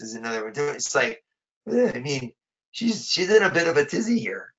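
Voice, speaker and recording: A man's voice: mid-range voice, animated, brisk, fairly bright tone, muffled recording. A man preaching a sermon in a conversational way, often repeating words as he rephrases his thoughts.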